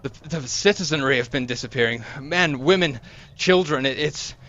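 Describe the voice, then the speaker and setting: A man's voice: medium pitch, racing, pitched above the performer's own voice, natural voice. A man voicing a terrified young male dwarf guard who is out of breath, stammering as he pleads for help. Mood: panicked. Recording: dull lo-fi recording.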